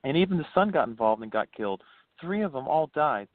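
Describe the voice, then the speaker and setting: A man's voice: fairly quick, no room sound. A man from Florida, born in New Hampshire, telling history and ghost stories as an interview guest, laughing often. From born New Hampshire, raised in Florida. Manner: animated storyteller, laughs often, swoops in pitch. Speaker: guest, paranormal investigator and ghost tour founder. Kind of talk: casual phone interview. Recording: dry tinny phone line.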